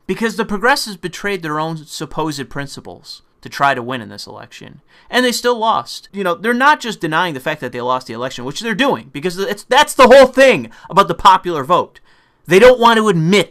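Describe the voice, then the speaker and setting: A man's voice: sits high, fairly bright tone, smooth. A man delivering an angry, profane political rant in a combative, sarcastic manner. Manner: mocking put-on voices when quoting opponents. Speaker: political commentator.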